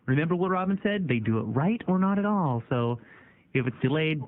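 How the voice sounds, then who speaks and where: A man's voice: fairly high pitch, expressive, fairly quick. A man hosting a call-in radio show, joking and teasing callers. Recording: tinny phone-line radio audio.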